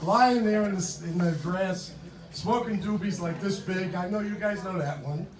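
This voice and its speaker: A man's voice: high voice, moderate pace, a crowd in the background. An older man doing a punchy, conversational stand-up comedy routine on a club stage. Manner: punchy, conversational joke delivery. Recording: roomy hall, mic from far.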